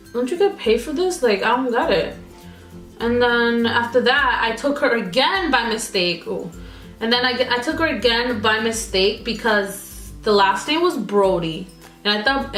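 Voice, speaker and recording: A woman's voice: mid-range voice, fairly bright tone. Chatty young woman venting, echoey room. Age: young adult. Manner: rambling, exasperated, lots of "like" fillers. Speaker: vlogger. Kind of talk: casual chat while doing makeup. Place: indoor room at home. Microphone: camera mic.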